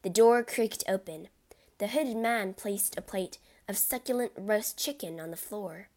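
A woman's voice: mid-range voice, a little slow, a little mellow. A woman reading a classic adventure story aloud as narrator, with a dramatic delivery.

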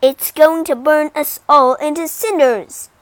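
A woman's voice: a little slow, no echo. A woman voicing a frightened male king in a storybook reading, screaming orders in alarm. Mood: panicked. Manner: shouting, high and alarmed.

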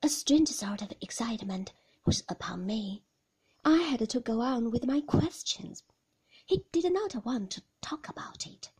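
A woman narrating a novel in a whispered storybook reading, breathy and husky. Her soft, hushed voice moves slowly and lifts and falls in a lively way. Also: fairly high pitch. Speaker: audiobook narrator.

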